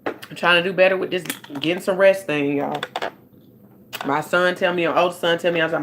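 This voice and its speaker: A woman's voice: on the low side, steady tone, a little fast, a bit bright, a little hiss or hum. A rambling, chatty woman, talking to her livestream viewers. She speaks into a phone at home, loose and conversational, like a life coach catching up with her audience. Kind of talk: casual livestream chat.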